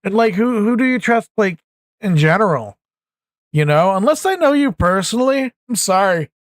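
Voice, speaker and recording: A man's voice: sits high, expressive, moderate pace, no echo. A tired man giving casual, rambling political commentary, frustrated and restarting often. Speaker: commentary YouTuber. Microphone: USB desktop mic.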